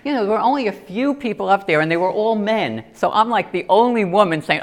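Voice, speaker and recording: A middle-aged woman giving an earnest personal testimony in a sermon, telling stories with animated asides. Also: mid-range voice, fairly quick. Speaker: lay preacher.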